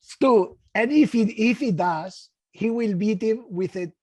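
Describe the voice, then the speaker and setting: A man talks in casual podcast chat, his voice sitting fairly high for a man. He speaks haltingly, restarting his phrases as he searches for words. The recording is very dry and close. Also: darkish tone, no echo. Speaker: podcast co-host.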